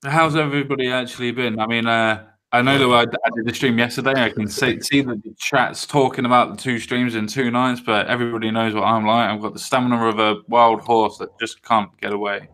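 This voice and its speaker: A man's voice: mid-range voice, little pitch movement, a little fast, hardly any pauses, bright, forceful tone. A man hosting a casual live stream, chatting loosely with restarts and apologies. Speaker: livestream host. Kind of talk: casual podcast chat.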